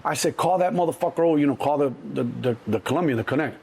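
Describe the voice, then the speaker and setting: A middle-aged man, telling stories as an interview guest in a lively, profane way and acting out other people's voices. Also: fast, gravelly, breathy edge. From Chicago. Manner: animated, acts out other people's voices in a higher pitch, profane. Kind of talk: storytelling in an interview.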